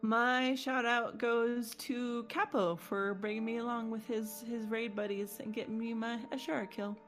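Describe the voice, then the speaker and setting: A woman's voice: fairly high pitch, fairly even intonation, a little slow. A bubbly woman co-hosts a laid-back gaming podcast and laughs often as she chats. Faint music plays under her voice. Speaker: podcast co-host. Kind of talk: casual podcast chat.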